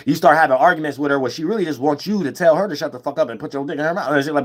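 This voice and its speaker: A man giving a rambling, profane, unscripted monologue, full of restarts and the repeated tag "you know what I'm saying", with sudden jumps up in pitch and loudness. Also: animated, rapid-fire, few pauses. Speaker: vlogger.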